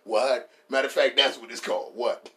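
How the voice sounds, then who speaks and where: A man ranting casually and profanely for laughs, rambling, laughing at his own jokes and jumping into high put-on voices. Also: fairly quick, pushed and bright, slight background noise. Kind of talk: casual comedic rant.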